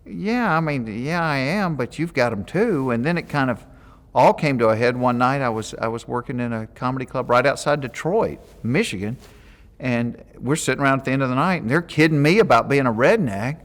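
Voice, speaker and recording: A man's voice: medium pitch, fairly quick, big-room sound. A man with a Southern US accent from Georgia tells jokey stories in an interview and acts out the quotes. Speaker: comedian. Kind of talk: interview storytelling.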